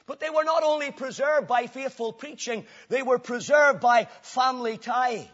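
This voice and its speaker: High-voiced preacher, lo-fi. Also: male voice, normal speed. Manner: emphatic, swings from loud declaration to low intensity. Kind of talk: sermon. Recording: dull lo-fi recording.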